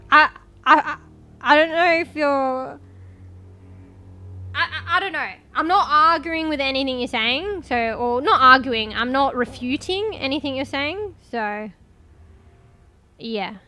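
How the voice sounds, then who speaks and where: This young Australian woman speaks in a sharp, high-pitched voice at a measured pace, leaving long pauses. She's streaming and chatting loosely with viewers, reading their messages aloud and swearing casually throughout.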